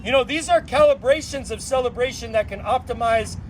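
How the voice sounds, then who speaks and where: Very high-voiced man leading a circle. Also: a little fast, a little hiss or hum, low-quality recording. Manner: asks frequent rhetorical questions; playful and animated storytelling. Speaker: drum circle leader. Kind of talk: inspirational talk to a group. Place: outdoor drum circle gathering.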